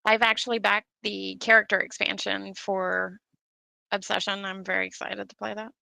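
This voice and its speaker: A woman's voice: mid-range voice, flat delivery, normal speed, creaky, pushed and bright, no room sound. A woman chatting casually during an online board game session, explaining rules with plenty of fillers. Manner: explains with lots of fillers and restarts.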